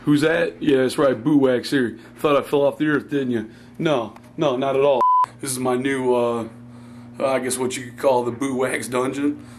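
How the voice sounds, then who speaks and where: A man's voice: mid-range voice, fairly even intonation, normal speed, darkish tone. A goofy, playful middle-aged man chatting casually in a home vlog, sometimes talking with his mouth full, from his computer room at home. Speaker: vlogger.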